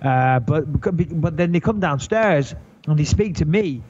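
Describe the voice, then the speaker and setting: English guy in his thirties, podcast guest, lively, jokey and profane, pitched a bit high, lo-fi sound. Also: measured pace. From England. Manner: animated, joking and profane. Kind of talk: casual podcast chat.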